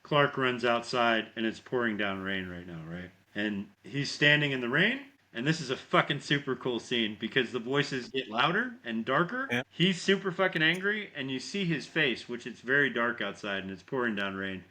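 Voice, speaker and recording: A podcast co-host walks through a horror film scene by scene in a casual recap, swearing heavily and performing the characters' lines. His mid-pitched voice is bright and forceful, moving at a moderate pace with few pauses. The tone stays loose and friendly, like a chat between pals.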